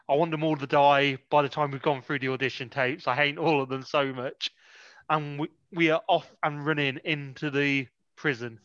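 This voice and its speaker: A man in casual chat reviewing a film as podcast co-host, sarcastic and energetic. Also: on the high side, dry recording. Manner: sarcastic, energetic, quick to laugh. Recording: dry, slightly dull lo-fi audio.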